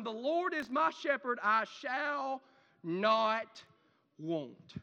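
A male pastor preaching a sermon, swinging from loud declarations to hushed, drawn-out phrases. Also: extremely high pitch, sing-song. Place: church. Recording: long reverb of a church hall.

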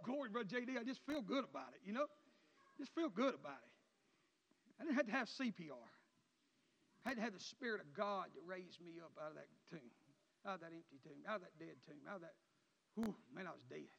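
A man preaching in a very high voice. He swings from impassioned shouts down to hushed murmurs. The sound is a little muffled, with a long reverb from the church hall. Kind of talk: sermon. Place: church sanctuary.

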